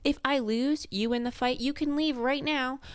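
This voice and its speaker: Woman doing a haughty high posh-voiced young necromancer, gloats and bosses, pitched way up. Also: fairly even intonation, normal speed, clear, resonant tone, no room sound, clean studio sound, natural voice. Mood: bossy. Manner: gloating, bossy.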